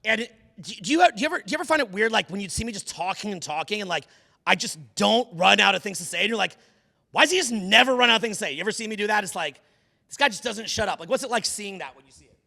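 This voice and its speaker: A man giving a live seminar talk to an audience, animated and profane, firing questions at the crowd. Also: high voice, quick pace, creaky. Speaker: seminar speaker. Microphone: unamplified handheld mic.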